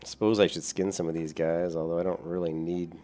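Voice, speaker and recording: A man's voice: deep voice, flat delivery, a little fast, warm tone, soft background music. A young adult man streaming a game, chatting casually with viewers, rambling and swearing lightly between chuckles. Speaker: gaming streamer. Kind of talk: casual gameplay chat with viewers.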